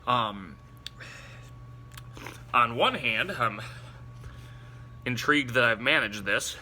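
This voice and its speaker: Man, mid-pitched and very bright, casual vlogger, teary and sniffly, short gasping remarks, faint background noise. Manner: halting, breathless exclamations between short remarks. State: eyes watering, nose running, in pain from spice. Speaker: vlogger doing a spicy food challenge. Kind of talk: casual on-camera commentary.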